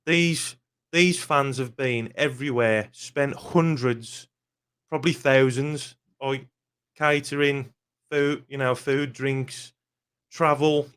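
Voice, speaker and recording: A man's voice: medium pitch, a bit bright, smooth. A young man, ranting angrily and swearing bluntly in a football fan vlog. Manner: angry, swears often, blunt.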